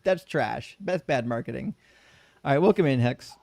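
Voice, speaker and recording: A man's voice: mid-range voice, animated, moderate pace, creaky, a little mellow, no echo, clean studio sound. A man hosting a live debate stream, chatting casually and reading viewer messages aloud while calling the audience friends.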